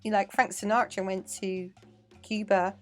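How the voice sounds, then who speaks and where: A middle-aged woman from England, a dance teacher, chatting in an interview and telling lively anecdotes. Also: medium pitch, moderate pace, faint music behind. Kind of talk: casual interview storytelling.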